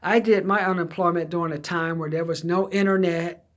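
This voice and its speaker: A man's voice: high voice, fairly even intonation, brisk. A middle-aged man from Southern California, telling candid, rambling stories about his own past as job-search advice. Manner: rambling, candid, drifting into quoted voices. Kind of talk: casual personal storytelling.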